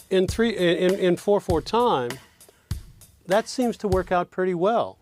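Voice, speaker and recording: A man's voice: high-pitched, a little mellow, soft background music. A man teaching songwriting, explaining lyric stress and counting out beats as he goes. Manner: slow, explanatory, counts beats and speaks example lines aloud. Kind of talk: lesson on lyric stress and rhythm.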